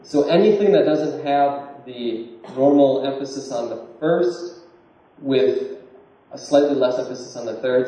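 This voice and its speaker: A man with a mellow, low-key voice explains step by step, often stumbling and repeating words. He sounds far from the mic in a very echoey room, and the recording is dull and muffled. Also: a little slow. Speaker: lecturer. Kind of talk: informal explanatory talk. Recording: distant, muffled room recording with heavy echo.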